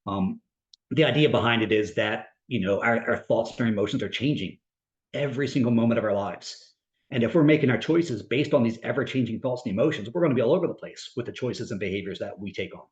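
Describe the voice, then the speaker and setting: A man's voice: medium pitch, fast talker, roomy sound, muffled recording. A man who is a mental performance coach, speaking reflectively on a podcast and telling a story with many fillers and restarts. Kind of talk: podcast discussion, long explanation.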